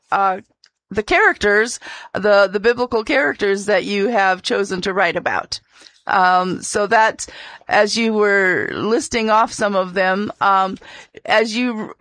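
A woman's voice: mid-range voice, a bit bright, dry recording. A woman hosting an interview, asking thoughtful questions. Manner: slow, thoughtful questions with fillers. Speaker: interview host. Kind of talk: conversational interview.

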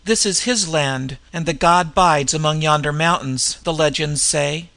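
An uneasy, superstitious warrior, played by a man mutters a warning in a low, wary tone. The voice is gravelly and bright in a close, dry reading. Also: a little slow, no echo.

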